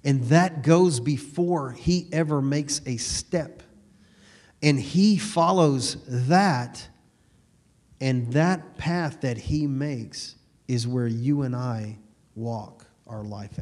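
A middle-aged man preaching in a relaxed, folksy way, with a slight East Texas twang from his upbringing. His delivery is unhurried and sits at a middle pitch. He often repeats himself and stretches out the scripture he quotes. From Texas, USA. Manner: folksy, repeats words, slows and swells on scripture. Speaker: pastor. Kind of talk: sermon.

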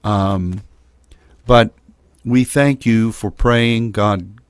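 Slow, deep-voiced man on ministry radio. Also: steady tone, clear, resonant tone, no echo. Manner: halting, with many fillers and restarts. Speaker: co-host of a prayer ministry radio show. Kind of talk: casual chat.

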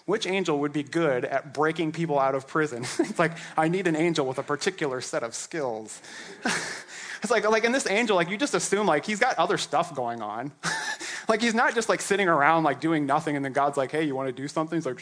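A man's voice: fairly high pitch, fairly bright tone. A man preaching a sermon as pastor, in a loose, joking, conversational way, acting out characters and laughing often.

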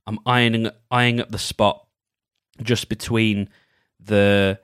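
A man hosting his own solo podcast, chatting gently and meandering, often restarting his sentences. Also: lowish voice, level tone, slow, clean tone, no room sound, studio quality. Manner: meandering, self-interrupting, gentle. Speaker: podcast host. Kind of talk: casual solo podcast chat.

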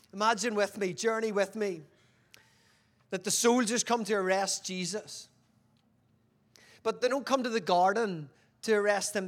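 A man preaching a sermon who keeps asking the audience questions and moves between loud emphasis and quiet, reflective stretches. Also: high voice.

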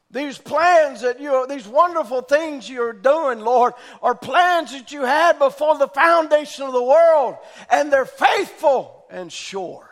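High-voiced man preaching. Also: animated, a little slow, few pauses. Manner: fervent preaching, often shouting. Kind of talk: sermon.

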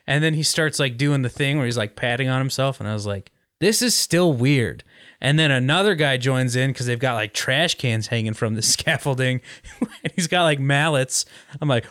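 A man's voice: mid-range voice, moderate pace, fairly bright tone, no echo, studio quality. A man hosting a podcast, telling a rambling story in casual chat with lots of fillers. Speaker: podcast host.

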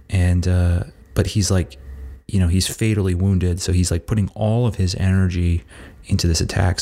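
A man's voice: low voice, a little mellow. A young man casually retelling a cartoon plot in a crude, rambling comic way, full of "like" fillers. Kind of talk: casual comedic recap.

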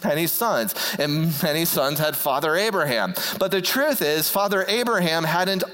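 High-voiced halting male preacher. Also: lively intonation, fairly bright tone. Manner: halting, repeats words and stutters at starts. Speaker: pastor. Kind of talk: sermon. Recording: church hall reverb.

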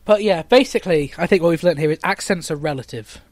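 A man's voice: fairly high pitch, fast, darkish tone, slight background noise. A young man with a British accent co-hosting a casual film review chat, chatty and laughing easily. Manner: chatty, laughs often, stumbles over words. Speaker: podcast co-host.

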